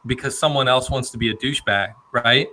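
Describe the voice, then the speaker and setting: A man's voice: mid-range voice, fairly quick, pushed and bright. A man on a casual opinion podcast, making his point with questions. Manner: questioning, conversational. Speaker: podcast co-host.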